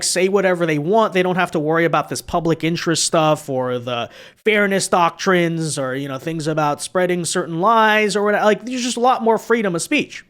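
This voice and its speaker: Sarcastic high-voiced male commentator. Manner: sarcastic, mocking, tags lines with "right?". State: weary. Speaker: political commentary host. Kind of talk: opinion commentary monologue.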